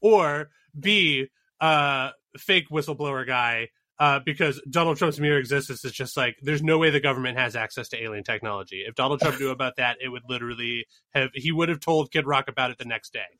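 Bright-voiced rambling podcast man. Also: mid-range voice, brisk, hardly any pauses, dry recording. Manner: rambling, builds jokes with asides and impressions. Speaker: podcast co-host. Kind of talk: casual comedic chat.

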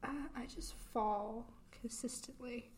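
A young woman co-hosting a podcast, telling a story in an animated way and laughing as she goes. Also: fairly high pitch, a little slow, husky. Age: young adult. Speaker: podcast co-host. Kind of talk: casual chat.

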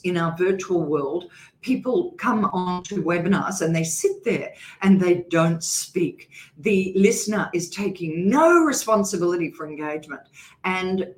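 A woman's voice: on the low side, darkish tone. An Australian woman from Queensland, guest on a podcast, talking emphatically about communication and repeating points for force. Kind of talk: podcast interview. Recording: roomy echo.

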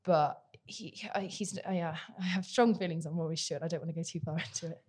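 Raspy young woman with a worn voice. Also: on the low side, fairly even intonation, darkish tone, a little hiss or hum. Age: 20s. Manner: halting, chatty. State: semi-lost voice, raspy. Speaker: podcast guest. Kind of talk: casual chat.

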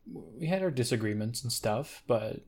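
A man's voice: medium pitch, animated, a little mellow, breathy edge. A man doing a stammering, frightened young village woman. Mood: hesitant. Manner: stammering, halting, breaking down.

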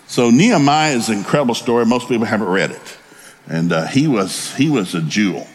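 A pastor preaching a sermon in a folksy, storytelling way with joking asides. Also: male voice, medium pitch, expressive, a little fast, slight background noise.

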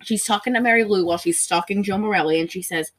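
A woman co-hosting a podcast, chatting casually as she recaps a movie and acts out its lines with big jumps in pitch. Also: quick pace, slight background noise. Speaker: podcast co-host.

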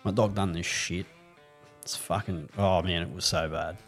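A man talks in a low voice, spinning crude, swear-laden stories in a casual podcast chat. Faint music sits quietly behind him. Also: fairly even intonation, normal speed. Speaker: podcast co-host.

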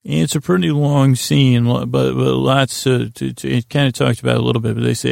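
A man hosting a sleep podcast, recapping a story in a rambling, halting way with many fillers. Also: medium pitch, steady tone, creaky, a little mellow, no echo, studio quality. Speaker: podcast host.

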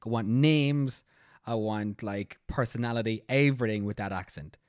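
A man's voice: on the low side, normal speed, dry recording, clean studio sound. An Irish man co-hosting a podcast in casual chat, playfully explaining rules step by step. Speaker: podcast co-host.

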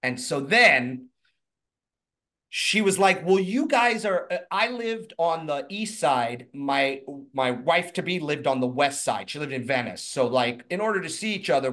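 A man's voice: medium pitch, moderate pace. A man casually telling a personal story, acting out what people said in changing voices and swearing freely. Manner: animated, acts out quotes in shifting voices.

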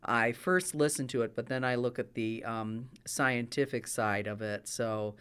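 A man working as an actor and dialect coach answers interview questions, explaining each point with real enthusiasm. His voice is smooth and resonant, and its pitch sits in an ordinary middle range. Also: fairly even intonation, a little slow, fairly bright tone. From United States. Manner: explanatory, enthusiastic about accents.

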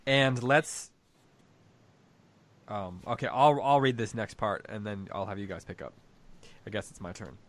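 A man's voice: on the low side, a little slow, long pauses, a bit bright. A man co-hosting a book discussion podcast, reflecting aloud and reading passages from a story. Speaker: podcast co-host.

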